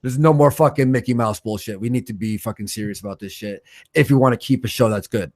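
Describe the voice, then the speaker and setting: A man's voice: lowish voice, darkish tone. A man hosting a livestream, reading out viewer donations in a loose, profane, joking way. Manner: loose and profane, quick laughs. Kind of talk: casual livestream chat.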